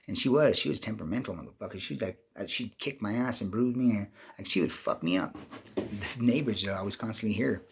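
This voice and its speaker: Husky man ranting with constant restarts. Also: medium pitch, fast. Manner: profane, agitated, many restarts and repeated words. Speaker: vlogger telling a personal story. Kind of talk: rambling casual monologue.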